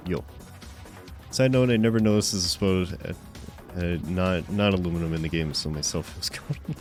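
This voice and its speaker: A man with a deep, low voice commentates a live game stream, chatting with his viewers. He is playful and mock-offended, stumbling over his words in quick restarts. Soft music plays faintly behind him.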